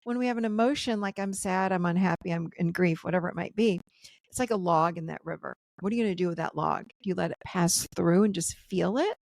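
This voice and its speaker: A woman guest coach speaking on a video call in casual interview chat, animated and laughing often as she acts out what clients said. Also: on the low side, fast, vocal fry, no echo.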